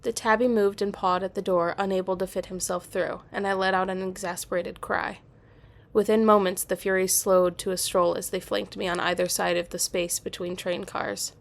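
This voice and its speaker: A woman reading a first-person story aloud in a steady, expressive storytelling manner. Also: lowish voice, moderate pace, vocal fry. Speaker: storyteller and author.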